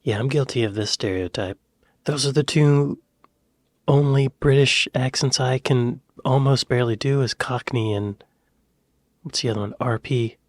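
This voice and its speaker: An American man reacting to a video, musing out loud with hesitant, chuckling asides. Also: medium pitch, moderate pace, no room sound, clean studio sound. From United States. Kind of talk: casual reaction commentary.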